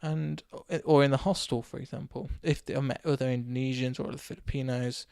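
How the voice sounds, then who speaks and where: A man from England, hosting a casual solo podcast and telling a rambling story while his voice is going hoarse. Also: medium pitch, brisk, dry recording, studio quality. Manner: rambling, animated anecdote with acted quotes. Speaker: podcast host.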